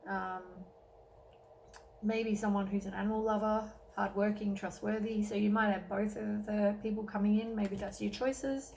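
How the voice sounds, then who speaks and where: A woman's voice: medium pitch, fairly even intonation, moderate pace, creaky, darkish tone, slight background noise, poor audio. A woman giving a casual tarot reading, tired and yawning, rambling with many ums and self-corrections. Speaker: tarot reader.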